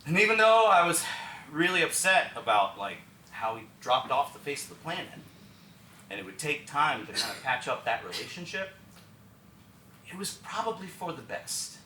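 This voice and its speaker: A young man from Texas tells his life story on stage in a one-man show, his voice high, bright and lively as he confides in the audience. It is caught from a distance in a roomy theatre, with faint noise behind. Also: normal speed. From Texas, USA. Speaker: solo stage performer.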